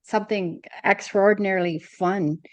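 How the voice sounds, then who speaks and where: A middle-aged woman hosts a podcast interview with a mid-pitched voice. She sounds enthusiastic and affirming as she reacts to her guest. The recording is dry and close. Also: fairly even intonation, normal speed, no room sound. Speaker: podcast host. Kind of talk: conversational interview.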